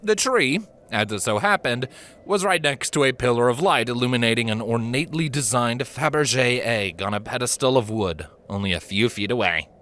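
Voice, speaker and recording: A man narrating a fan story aloud in a lively, expressive storytelling manner. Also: mid-range voice, moderate pace. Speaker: reader.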